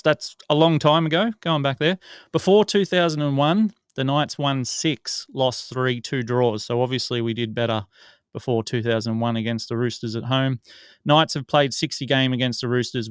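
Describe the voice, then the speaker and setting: A man's voice: mid-range voice, clear, resonant tone, no room sound, clean studio sound. A man co-hosting a casual sports podcast, rattling off stats and joking about himself. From Australia. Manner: chatty, rattles off stats, self-mocking. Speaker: podcast co-host.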